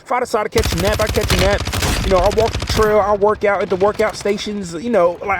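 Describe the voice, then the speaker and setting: A man telling a personal story in a casual, chatty monologue, often checking in with the listener. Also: high voice. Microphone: phone mic. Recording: clearly noisy background.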